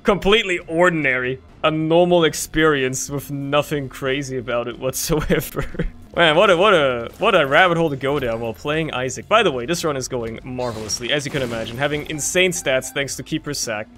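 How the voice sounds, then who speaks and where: A man's voice: on the high side, a little fast, fairly bright tone, soft background music. A man giving casual gameplay commentary, rambling candidly with lots of fillers and freely swearing. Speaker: gaming video creator.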